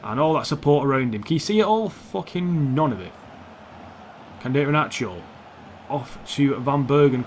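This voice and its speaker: A young man commentating his own football video game match, swearing often and shouting at the players on screen. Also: medium pitch, animated, moderate pace, slight background noise. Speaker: gaming YouTuber. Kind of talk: gameplay commentary.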